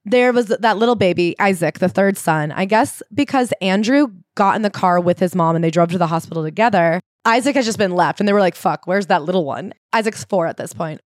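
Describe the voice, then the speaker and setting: Fast-talking woman recapping a book. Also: mid-range voice, no echo, studio quality. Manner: animated, acts out quotes, swears freely. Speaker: podcast co-host. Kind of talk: casual book-recap chat.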